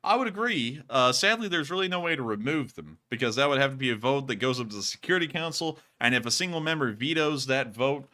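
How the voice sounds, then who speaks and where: A man hosting a livestream Q&A, casual and quick to laugh, repeating the same sign-off phrases. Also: medium pitch, lively intonation, pushed and bright. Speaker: host.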